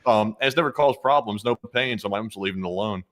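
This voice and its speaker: A man's voice: on the low side, a little fast. A man co-hosting a live stream in casual chat, rambling with many fillers and restarts.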